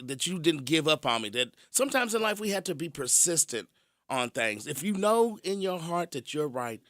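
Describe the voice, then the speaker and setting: A man hosting a radio show, telling stories in an animated way and chuckling as he talks. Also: fairly high pitch, no room sound, studio quality. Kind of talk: casual radio storytelling.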